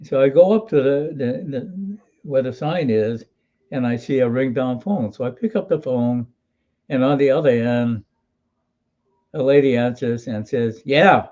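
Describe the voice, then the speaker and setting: Speaking a little slowly in a dark-toned, mid-range voice, this Hawaiian veteran in his eighties shares wry, folksy interview stories with frequent restarts. The audio is dull.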